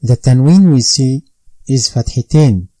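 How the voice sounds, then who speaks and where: Guiding learners step by step, a Quran recitation teacher speaks slowly and with care, saying every drill sound two times so it sinks in. The close, dry recording of his warm, mellow mid-range voice has no echo, but its audio quality is poor.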